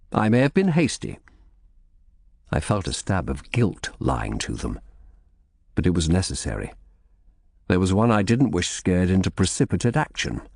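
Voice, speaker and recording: A man reads a historical mystery aloud in the first person, measured and steady. His voice is low yet lively in pitch. The recording is dry, with no room sound. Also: vocal fry, no echo. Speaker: audiobook narrator. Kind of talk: scripted first-person narration.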